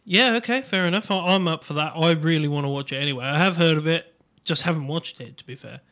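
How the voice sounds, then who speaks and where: High, bright-voiced man joking. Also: quick pace. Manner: jokey, mock-indignant, swears casually. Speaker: podcast co-host. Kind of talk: casual podcast chat.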